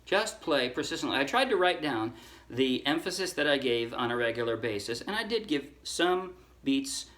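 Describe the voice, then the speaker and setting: A man teaching a ukulele song in a relaxed, casual way, counting strings aloud and correcting himself as he goes. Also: medium pitch, moderate pace. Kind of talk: casual tutorial talk. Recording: ukulele playing under the voice.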